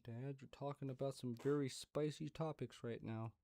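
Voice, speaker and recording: A man speaking for his old male dog, who pleads in a whiny, plaintive tone. The delivery is quiet and understated. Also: medium pitch, steady tone, moderate pace, natural voice. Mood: pleading.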